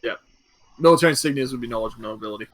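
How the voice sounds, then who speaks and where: Man game master with a bright voice. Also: mid-range voice, very fast, no room sound. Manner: relaxed, casual narration with fillers. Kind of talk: narrating a tabletop game.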